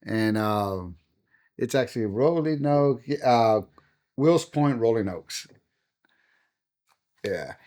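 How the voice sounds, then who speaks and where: A man in casual conversation, talking with earnest, preacherly conviction like a pastor. His voice sits at an ordinary middle pitch. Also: lively intonation, slow pace, pauses often, darkish tone. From United States. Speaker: pastor and guest.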